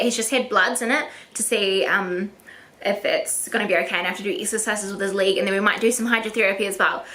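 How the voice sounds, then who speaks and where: A woman's voice: medium pitch, fairly bright tone. A young woman talking to the camera at home in a personal vlog, rambling and gushing, repeating words for emphasis. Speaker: vlogger. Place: at home indoors.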